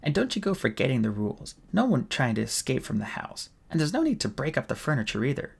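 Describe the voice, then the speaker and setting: A brash young female guard with a high, raspy voice put on by a man, sneering and sarcastic. The voice is pushed well up, but a gravelly grain stays underneath. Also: big pitch swings, fast talker, full character voice. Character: tough young woman, sharp-tongued guard.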